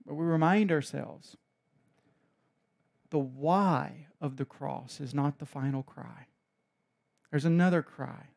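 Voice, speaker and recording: A male preacher delivers a sermon at a slow, deliberate pace. His voice sits a little high for a man and builds from hushed weight to fervent urgency. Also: creaky. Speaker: pastor.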